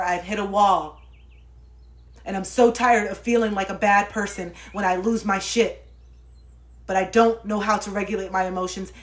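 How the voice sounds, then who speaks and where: A woman in her thirties giving spiritual life coaching on a livestream, preaching with a lot of swearing and swinging between loud outbursts and low murmurs. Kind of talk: impassioned livestream monologue.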